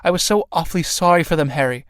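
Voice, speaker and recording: A man voicing an earnest young woman who pleads softly and slowly with her husband in a read-aloud play. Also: a little high, dry recording, clean studio sound, natural voice.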